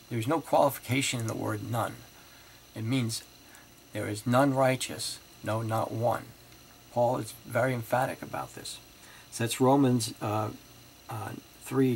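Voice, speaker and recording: A young man earnestly reading and explaining scripture verse by verse, slowing to stress key words and checking in with his listeners. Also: medium pitch, gravelly, slight background noise, poor audio. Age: young adult. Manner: hesitant fillers and restarts between readings. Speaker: video commentator responding to a pastor.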